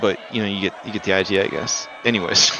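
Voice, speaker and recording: A man's voice: sits low, fast talker, gravelly, highs cut off, over music. A man narrating a tabletop game as game master, rambling and joking with lots of fillers.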